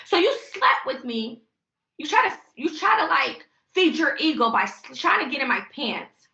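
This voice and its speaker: A woman's voice: sits high, big pitch swings, normal speed, vocal fry, sharp tone, echoey room, dull audio. A woman venting on a live stream in a heated, rambling way. She swears often and talks straight to her viewers. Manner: heated, rambling and profane, addressing viewers as y'all. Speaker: livestreamer.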